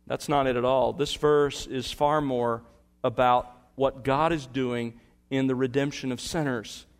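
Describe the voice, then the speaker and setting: A man preaching a sermon as a pastor, rising to emphatic, impassioned peaks and dropping to soft, earnest appeals. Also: mid-range voice, steady tone, a little slow.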